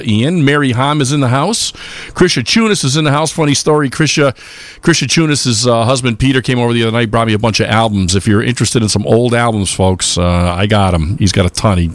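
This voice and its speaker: A man's voice: mid-range voice, no room sound. A man hosting a live polka radio show, chatting casually and rambling with lots of filler sounds.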